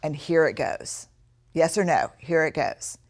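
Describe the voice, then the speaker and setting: A woman's voice: deep voice, unhurried. A woman giving a candid storytelling talk to an audience about leadership, acting out her own inner voice. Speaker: speaker on courage and leadership.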